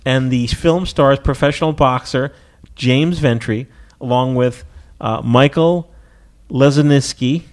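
A man's voice: medium pitch, measured pace, hardly any pauses. A man co-hosting a casual podcast, reading release announcements with stumbles, fillers and laughs.

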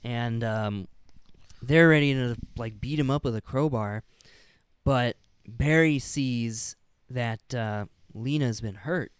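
A man's voice: medium pitch, takes it slowly, clear, resonant tone, no room sound, clean studio sound. A man co-hosting a podcast, chatting casually about a movie, swearing, laughing and acting out lines from it. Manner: laughing, profane, acts out film lines. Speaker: podcast co-host.

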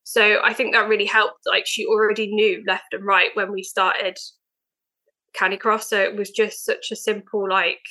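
A woman's voice: medium pitch, level tone, normal speed, pushed and bright, low-quality recording. A young woman, a podcast guest chatting eagerly with lots of fillers. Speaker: guest, veterinary nurse. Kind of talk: casual podcast chat.

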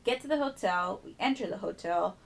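A woman's voice: mid-range voice, fairly quick, creaky. A woman hosting a podcast, telling a travel story in casual chat and acting out the people in it with plenty of swearing. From United States. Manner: animated, profane, acts out dialogue.

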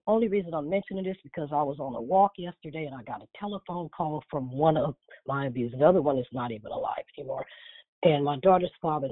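A woman's voice: sits low, breathy edge, no room sound. Earnest woman giving testimony by phone. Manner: earnest, halting. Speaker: caller sharing a testimony. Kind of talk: personal testimony. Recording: dry, tinny phone line.

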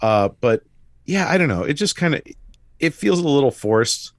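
A man's voice: medium pitch, sing-song, normal speed, no room sound, studio quality. A man in casual movie talk, wry and sarcastic, swearing now and then. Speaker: podcast co-host.

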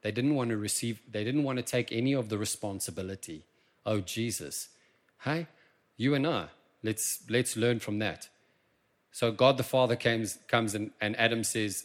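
A South African man preaching a sermon in church, impassioned and swinging from quiet asides to loud emphasis. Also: on the low side, moderate pace. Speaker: pastor.

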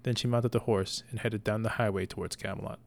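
A man narrating a story in a slow, deliberate scripted reading as the show's storyteller. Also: fairly low pitch, steady tone, vocal fry, over music. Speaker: podcast storyteller.

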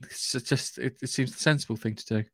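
A man's voice: mid-range voice, fairly even intonation, brisk, gravelly, fairly bright tone, no room sound, clean studio sound. A man co-hosting a podcast in casual, rambling chat. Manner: chatty, rambling, restarts often. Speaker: podcast co-host.

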